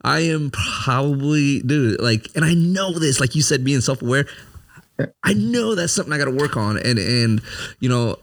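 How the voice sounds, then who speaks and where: A man's voice: mid-range voice, animated, moderate pace. A man in his late thirties talking candidly about feelings, searching for words with frequent restarts and fillers. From immigrant family, came to America as a child. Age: 30s. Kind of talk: candid conversation.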